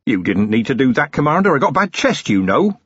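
A man's voice: medium pitch, very animated, quick pace, fairly bright tone, breathy edge, dry recording, highs cut off, voice pushed up. A man reading the part of a wheezy publican and former copper, a sly man who talks in a coarse, grumbling way. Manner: coarse, grumbling working-class talk. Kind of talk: audiobook character reading.

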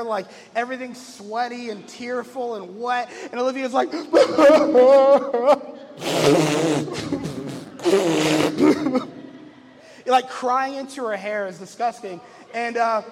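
Male pastor, 30s, high-pitched, casual storyteller; reverberant hall with faint music. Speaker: lead pastor. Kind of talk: conversational sermon. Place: church.

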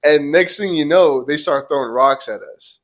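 A man's voice: fairly high pitch, normal speed. A young man, a podcast host, telling a story casually with many "like"s and acted quotes. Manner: rambling, many "like"s, acts out quotes.

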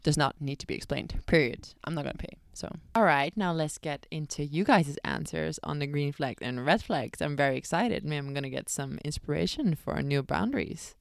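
Low-voiced, blunt young woman podcaster. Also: moderate pace, gravelly, dry recording, studio quality. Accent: American. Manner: blunt, chatty, swears freely. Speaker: podcast host. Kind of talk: casual chat.

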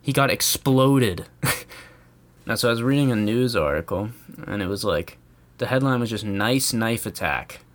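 A man's voice: medium pitch, moderate pace. An American man ranting casually in a rambling, profane way, chuckling often. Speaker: vlogger. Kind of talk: casual comedic rant.

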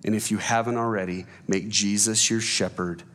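A man's voice: lowish voice, steady tone, moderate pace, a bit bright. A man preaching a sermon as pastor, driving points home with repetition and rising emphasis through lists.

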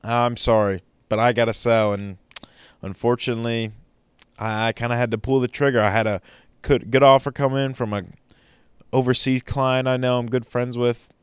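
A man putting on a blunt, chummy male business boss who talks loud and fast, calling people buddy and pal. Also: medium pitch, little pitch movement, smooth, no room sound, close to an everyday voice. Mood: breezy apologetic.

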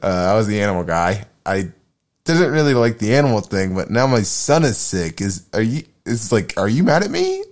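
A man voicing a humble, suffering male believer who prays in a meek, halting, apologetic way. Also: lowish voice, wildly swooping pitch, voice pushed up. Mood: pleading.

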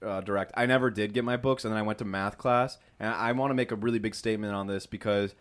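A man's voice: on the low side, steady tone, quick pace. A man in a loose group conversation who rambles through his stories. He laughs often and swears freely. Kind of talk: casual group chat.

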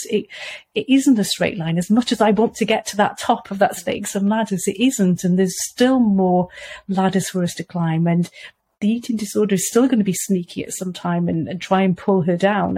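Guest read: woman from Wales, chatty storyteller, mid-range pitch, many restarts. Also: mellow. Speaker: podcast guest, author. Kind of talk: casual conversation.

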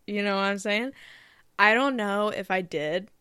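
This woman's mid-range voice comes across bright, forceful and smooth as she hosts her own podcast at a slightly slow pace. She chats casually, rambling and making fun of herself. A close studio mic gives a dry sound with no room noise.

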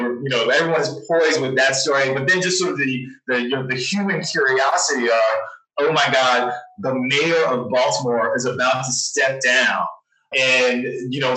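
A newspaper journalist with a medium-pitched, bright, forceful voice tells a story in a casual interview. He rambles, restarts often, and laughs frequently, picked up by a roomy, distant mic.

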